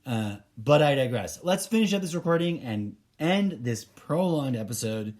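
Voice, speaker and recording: A man's voice: medium pitch, very animated, moderate pace, darkish tone. A man hosting a solo podcast, talking casually in a rambling, opinionated way with many fillers and restarts. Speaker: podcast host.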